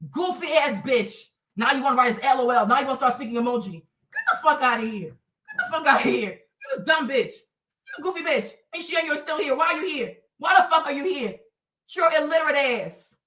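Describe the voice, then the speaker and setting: A woman's voice: high-pitched, a bit bright. A woman streaming live, talking bluntly and profanely straight at her commenters. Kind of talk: ranting to chat. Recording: roomy, from a distance.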